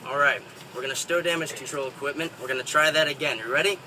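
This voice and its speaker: Male comic, folksy joke telling, fairly high voice, distant mic, street noise. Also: fairly even intonation, quick pace, over a noisy crowd. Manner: folksy, chuckles at own jokes. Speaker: stand-up comedian.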